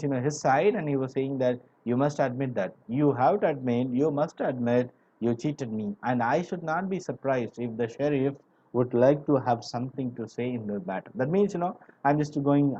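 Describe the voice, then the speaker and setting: A man's voice: mid-range voice, warm tone, dull audio. A man teaching a story, explaining lines to students with repeated fillers and note dictation. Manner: repetitive, explanatory, frequent "you know" fillers. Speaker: English teacher. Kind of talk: classroom lecture explaining a story.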